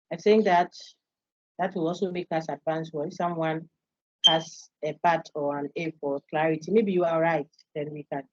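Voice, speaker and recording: A woman lecturer walks her online class through quiz answers, explaining each option and calling on students by turn. Her voice sits low and comes through dry and slightly muffled over the call. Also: no echo. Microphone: video call.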